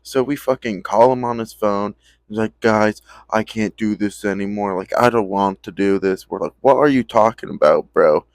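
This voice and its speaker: A young man with a lowish voice tells a story in a loose, slangy, profane way. He slips into his friends' voices when he quotes them. The sound is dry and close, with no room echo. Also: moderate pace. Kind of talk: casual storytime.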